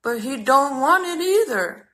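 A woman's voice: high-pitched, normal speed, sharp tone, voice pushed up. A woman voicing a timid, dim little male store clerk who whines in a weepy voice. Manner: weepy, whiny.

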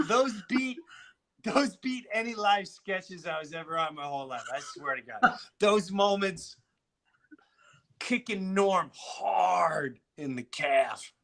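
Animated, swearing New comedian. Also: male voice, sits high, takes it slowly. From Long Island, New York. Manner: animated, heavy swearing, restarts. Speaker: comedian guest. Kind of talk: casual storytelling chat.

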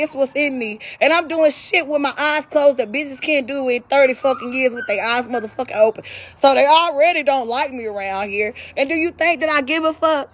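A woman's voice: sits high, a bit bright. A woman with a North Carolina accent, ranting to her followers in a profane, defiant live-stream vlog. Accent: Southern US, North Carolina. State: out of breath at times. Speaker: social media vlogger. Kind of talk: unscripted live-stream rant.

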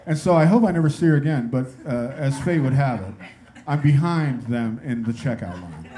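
A male stand-up comedian telling a story on a comedy club stage in an incredulous, lively way. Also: mid-range voice, moderate pace.

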